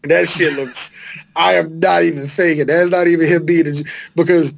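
A man co-hosting a casual sports podcast, talking fast and animated, profane, with lots of laughter. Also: fairly high pitch, creaky. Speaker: podcast co-host.

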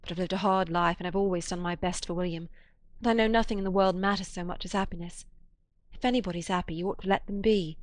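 A woman's voice: fairly low pitch, dry recording, close to an everyday voice. A woman reading a tearful, pleading working-class woman. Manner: plain-spoken, pleading, emotional.

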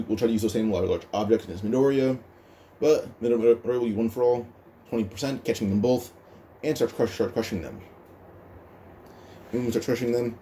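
A man narrates a fan story in a casual, fast, stumbling way, often restarting his phrases. His voice sits low-ish with a mellow, dark tone. There is faint noise behind.

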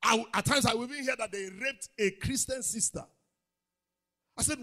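A pastor with a Nigerian English accent preaching a sermon in a church auditorium, calling out to the congregation and building up to shouted lines. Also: male voice, extremely high pitch, normal speed. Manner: preaching with crowd call-outs, swelling into shouts.

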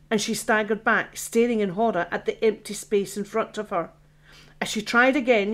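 A woman, the author, reading her own science fiction horror audiobook in a steady storytelling manner. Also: medium pitch. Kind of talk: audiobook narration.

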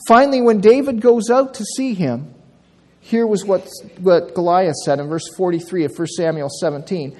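Male pastor telling a bible story, fairly high voice, long echo in the church. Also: unhurried. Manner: animated storytelling, acting out quotes. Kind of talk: sermon. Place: church sanctuary.

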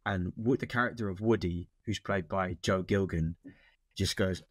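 A man's voice: low voice, normal speed, no room sound. A man, a guest in an interview, talking thoughtfully about films with many restarts. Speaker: actor guest. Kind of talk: casual interview chat.

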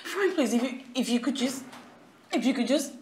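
Desperate wife, high voice, pleading and sobbing, echoey room. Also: female voice, lively intonation, normal speed, a little mellow, slight background noise. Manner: pleading, breaking into sobs. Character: desperate wife begging her husband's forgiveness.

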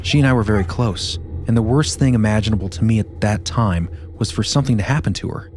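A man hosting a podcast, reading a listener's first-person story aloud in a steady, measured way. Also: on the low side, slight background noise. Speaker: podcast host.

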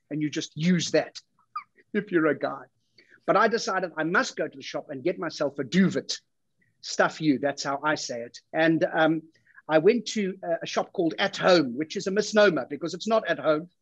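Deadpan South African man, high and husky. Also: moderate pace, no room sound, dull audio. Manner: deadpan, self-mocking storytelling with rising exasperation. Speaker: comedian hosting an awards gala. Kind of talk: stand-up comedy routine. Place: home studio for a virtual event.

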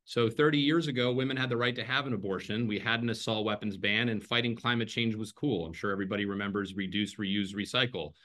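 A man in his thirties, born in Ireland but with an American accent, delivers an earnest, lightly humorous campaign statement over a video call. His voice is bright and ringing and sits fairly low. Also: fairly even intonation, fast talker, hardly any pauses. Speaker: congressional candidate. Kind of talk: candidate forum opening statement.

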